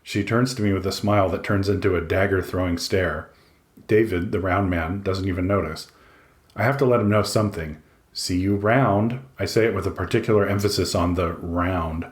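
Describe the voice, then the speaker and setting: A man's voice: deep voice, fairly even intonation, a little fast. A man reading a first-person audiobook in a dry, introspective way. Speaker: audiobook narrator. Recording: echoey room.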